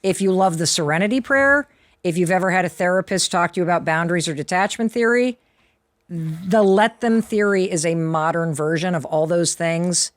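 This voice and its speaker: A woman's voice: fairly low pitch, no room sound, clean studio sound. A woman appearing as a guest author on a podcast, confidently explaining her idea in a coaching tone. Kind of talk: podcast interview.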